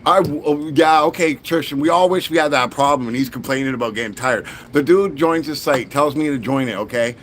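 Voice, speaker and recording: A man's voice: a little high, a little fast, few pauses, a little hiss or hum. A man chatting bluntly and profanely while streaming a Lego build. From Canada. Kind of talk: casual live-stream chat.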